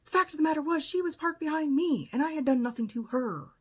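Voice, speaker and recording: A woman with a fairly high voice tells a personal story in a long monologue. She speaks emphatically and indignantly, acting out the quotes as she goes. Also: fast. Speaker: vlogger.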